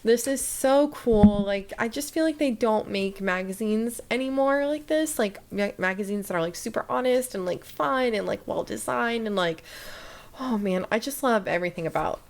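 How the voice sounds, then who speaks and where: A young woman vlogging as she unboxes and reacts, excited and chatty, with "like" in nearly every phrase. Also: on the high side, normal speed, vocal fry, slight background noise. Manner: excited, chatty, full of "like" fillers.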